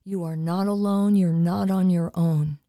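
A woman, a guest on a Christian talk show, leading a slow, soft, devout spoken prayer. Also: on the low side, steady tone, no echo, clean studio sound.

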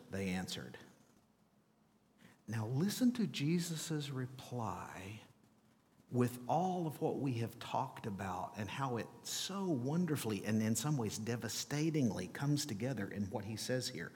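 A man preaching a sermon as pastor, animated and asking his listeners rhetorical questions. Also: mid-range voice, normal speed. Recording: long reverb of a large hall.

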